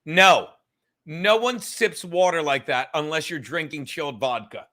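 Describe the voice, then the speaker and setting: A man's voice: on the high side, unhurried, sharp tone. A man hosting a podcast, ranting heatedly and swearing constantly while reading out chat comments. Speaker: podcast host.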